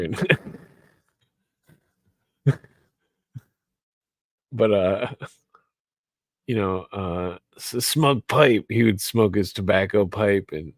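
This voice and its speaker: A man's voice: fairly low pitch, dry recording. A tipsy man rambling on his radio show, profane and repetitive, circling back to the same points. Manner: profane, rambling, repeats himself. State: tipsy from alcohol. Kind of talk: rambling late-night talk radio monologue.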